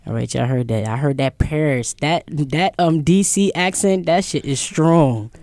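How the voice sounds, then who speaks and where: A woman's voice: low-pitched, a little slow, darkish tone. Profane New woman hosting a podcast. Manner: loose, profane, laughing storyteller. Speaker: podcast host. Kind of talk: casual podcast chat. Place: studio round table.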